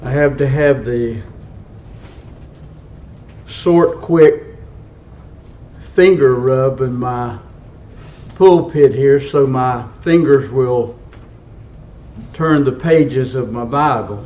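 An older man preaching a sermon, a little hoarse and froggy this morning, reading scripture slowly with rising emphasis. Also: mid-range voice, dark tone, lo-fi sound. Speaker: pastor.

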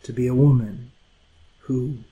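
A middle-aged man preaching an impassioned sermon, moving between loud emphasis and hushed, quiet lines. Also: mid-range voice, fairly even intonation, unhurried, slightly rough, poor audio.

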